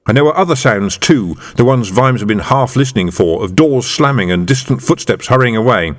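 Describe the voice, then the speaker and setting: A male audiobook narrator with a measured storytelling delivery. His intonation moves in lively swings, and a long reverb follows the voice. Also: mid-range voice. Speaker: audiobook reader. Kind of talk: scripted narration. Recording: reverberant room.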